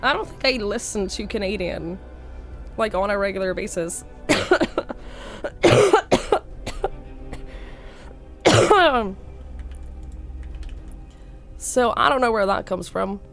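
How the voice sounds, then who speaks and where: A young woman from Norway with a slight Norwegian accent, speaking hoarsely while sick, chatting casually on a live stream and thanking viewers by name. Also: medium pitch, expressive, very slow, long pauses, faint music behind. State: hoarse, sick with a sore throat.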